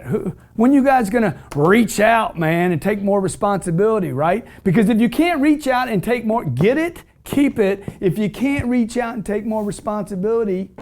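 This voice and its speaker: This high, slightly mellow male voice belongs to a middle-aged call-in show host. He delivers motivational talk about money, brash and emphatic, repeating himself often.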